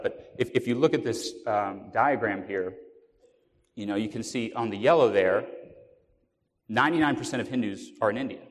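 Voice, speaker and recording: Preaching man in a reverberant hall. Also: lowish voice. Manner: earnest storytelling preaching with fillers and restarts. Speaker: pastor. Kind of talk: sermon.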